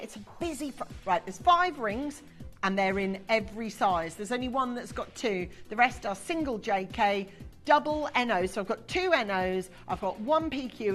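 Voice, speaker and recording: A woman's voice: fairly high pitch, a bit bright. A woman presenting on a shopping channel from a TV studio, talking in gushing, chatty sales patter.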